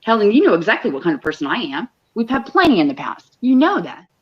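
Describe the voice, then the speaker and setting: A woman's voice: mid-range voice, big pitch swings, fast talker, muffled recording. A woman hosting a livestream, ranting angrily with lots of swearing and broken restarts. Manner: angry, profane, talks in bursts with restarts. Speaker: livestream host. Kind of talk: heated livestream rant.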